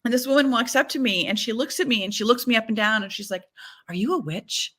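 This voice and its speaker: A woman guest on a talk show, a psychic medium telling stories in a chatty, animated way full of fillers. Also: a little high, quick pace. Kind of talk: casual storytelling conversation.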